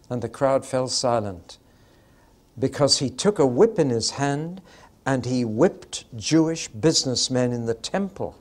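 An older man gives a Bible teaching to a congregation. His delivery is conversational and explanatory, at an ordinary middle pitch, and he punches key phrases with dramatic emphasis. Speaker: preacher.

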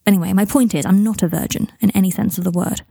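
A woman voicing an awkward, earnest young man who talks in a hesitant, hushed way in a storybook reading. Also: mid-range voice, fairly even intonation, quick pace, gravelly, husky, dry recording, clean studio sound.

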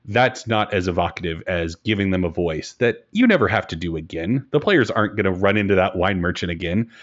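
A man talking as a game master in a relaxed podcast conversation, chatty and self-deprecating. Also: low voice, fairly quick. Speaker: game master and host of a broadcast tabletop game show. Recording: dull lo-fi recording.

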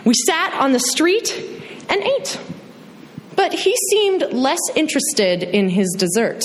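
A young woman tells a funny personal story, self-mocking and animated, acting out the dialogue. Her voice is high and lively, with wide pitch swings. It rings in a long hall reverb over faint ambience. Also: takes it slowly, a little hiss or hum.

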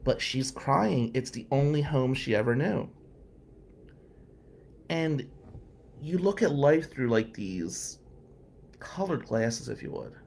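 A man's voice: medium pitch, lively intonation, takes it slowly, vocal fry, pauses often, darkish tone, slight background noise. Candid man telling a personal story. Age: adult, past law school. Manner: candid, emotional, with sighs and bleeped curses. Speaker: storyteller recounting his past.

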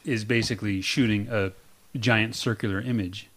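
A man's voice: on the low side, fairly even intonation, moderate pace, a bit bright. Opinionated man chatting on a podcast. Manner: opinionated, explaining. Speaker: podcast co-host. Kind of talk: casual chat.

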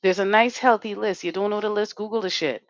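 A woman's voice: medium pitch, brisk, dry recording, lo-fi sound. A woman hosting a live online talk show who speaks emphatically, swears freely and keeps asking "right?". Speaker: host.

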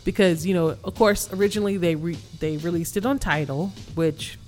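A woman co-hosting a podcast in casual chat, animated and full of fillers, swearing freely. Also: fairly low pitch, a little fast, soft background music. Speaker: podcast co-host.

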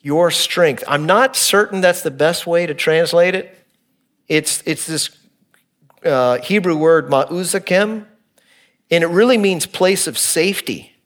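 A middle-aged, earnest pastor with a fairly high male voice delivers an expository sermon at a measured pace. As he works through a text, he alternates between emphatic points and quiet, hushed passages.

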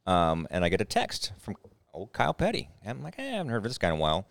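A man with a low voice who talks quickly and tells stories in casual podcast chat. He acts out other people's lines with lively energy. The sound is dry and close. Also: gravelly, no room sound. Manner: animated storyteller, acts out quoted voices loudly. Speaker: podcast co-host.

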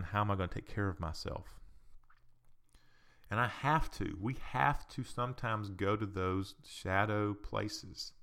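A man's voice: fairly low pitch, creaky, sharp tone. A man who is a counselor and podcast host, speaking in a casual, earnest, reflective monologue that mixes psychology and faith.

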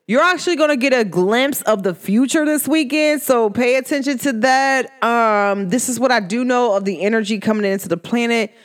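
A woman's voice: a little high, normal speed, hardly any pauses. A woman who reads energy and makes candles, talking bluntly and with animation in a casual podcast monologue. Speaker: spiritual reader and candle maker.

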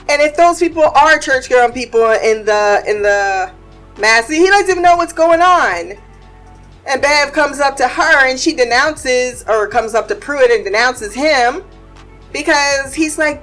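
A woman talking casually about a TV series, animated and blunt, laughing and swearing as she goes. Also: high voice, takes it slowly, faint music behind, low-quality recording. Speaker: TV series commentator. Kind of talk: casual reaction commentary.

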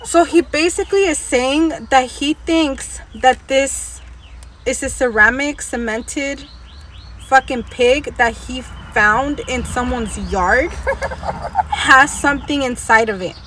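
Animated high-voiced woman, casual storytelling. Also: slow, a little hiss or hum. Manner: code-switching between English and Spanish, swearing freely; animated, laughing as she tells it. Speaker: podcast co-host.

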